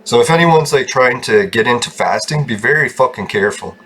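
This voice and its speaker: Male streamer, mid-pitched, irate rambling rant full of curses, faint background hiss. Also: lively intonation, a little fast, a bit bright. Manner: angry, heavy swearing, rambling. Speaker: game streamer. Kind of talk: ranting casual stream talk. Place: room at home.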